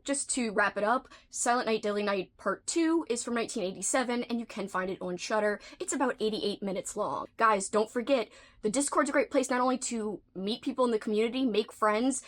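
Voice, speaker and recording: A woman hosting a casual vlog, chatting in a playful, talkative way and slipping into whispered asides now and then. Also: mid-range voice. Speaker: video host.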